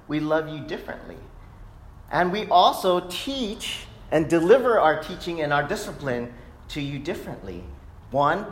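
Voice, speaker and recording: A pastor in his thirties delivers a casual, conversational sermon in a church sanctuary, telling stories and often tossing in "right?" asides. His voice is fairly high and a bit bright.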